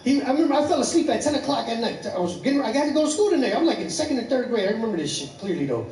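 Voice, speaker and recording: A man in his thirties tells stand-up stories in a rambling, animated, profane way. His voice sits high for a man. He is picked up from a distance in an echoey comedy club. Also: racing. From Chicago. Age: 30s. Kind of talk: stand-up storytelling.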